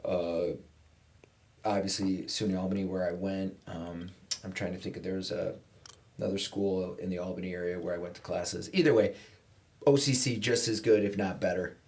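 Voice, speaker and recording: A man with a fairly low voice tells a story in a relaxed podcast conversation. He is animated and acts out the people he quotes with changes in voice. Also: moderate pace. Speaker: podcast guest. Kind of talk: casual storytelling chat.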